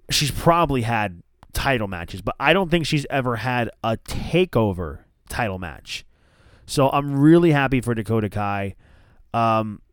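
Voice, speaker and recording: A man talking about wrestling in a loose, animated way, trying a line again and playing out what others said. His voice is smooth and clear at a middle pitch. The sound is dry and close, with little room around it. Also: no echo. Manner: animated, acts out quoted lines, frequent restarts. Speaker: wrestling show host. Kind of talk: casual opinion commentary.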